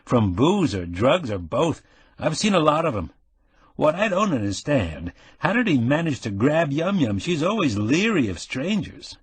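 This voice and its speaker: A man's voice: on the high side, big pitch swings, a little slow, husky, no room sound, voice pushed up, heavily acted. A man doing a brash, eager young guy. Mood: puzzled. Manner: loud, eager, breezy slang. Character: friendly, brash younger man posing as a diner worker.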